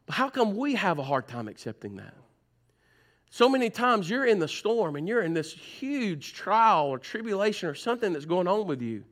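A man's voice: sits high, brisk. A man, preaching a sermon and acting out his own stories. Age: 40s. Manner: animated storytelling, acts out his own dialogue. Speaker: pastor.

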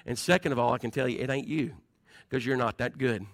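A man's voice: medium pitch, brisk, dry recording. A man preaching a fervent sermon as pastor, firing rhetorical questions at his congregation.

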